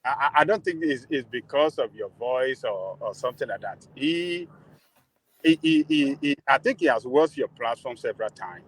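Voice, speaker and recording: A man's voice: mid-range voice, lively intonation, moderate pace, husky, low-quality recording. A man calling in to a casual chat, speaking hesitantly with many filler sounds.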